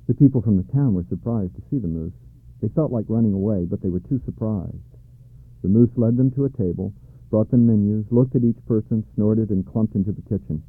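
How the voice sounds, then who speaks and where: A man calmly reading a children's storybook aloud, in a measured way, on a dry, tinny recording. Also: lowish voice, husky, no room sound. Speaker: narrator. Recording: dry tinny narrow-band sound.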